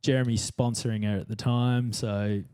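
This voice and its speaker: A man tells stories with gusto on a podcast, swearing and acting out the other voices. His tone is mellow and dark, with a relaxed, warm sound. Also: medium pitch, moderate pace, clear, resonant tone. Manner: lively, swears, acts out dialogue. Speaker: surf commentator, guest. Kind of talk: animated storytelling on a podcast. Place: podcast studio.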